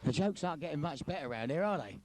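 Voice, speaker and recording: A man co-hosting a street joke hunt, teasing and lively. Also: fairly high pitch, rapid-fire, a little hiss or hum. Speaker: co-host interviewer. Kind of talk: casual street vox pop.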